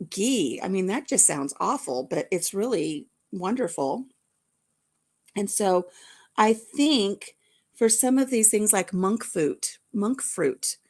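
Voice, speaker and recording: A woman's voice: medium pitch, a little mellow. A woman hosting a casual livestream, chatting in a rambling way and greeting viewers by name. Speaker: vlog host.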